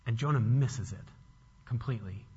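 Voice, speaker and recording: A man preaching an expository sermon in an animated, conversational way, often restarting his sentences. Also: mid-range voice, moderate pace, husky. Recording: long hall reverb, dull lo-fi sound.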